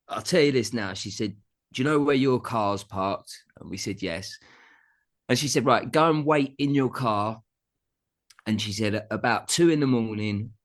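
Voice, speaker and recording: A middle-aged English musician, appearing as a guest, tells a long story in a relaxed, casual chat. His medium-pitched voice rises and falls a lot as he acts out what people said, and he laughs often along the way.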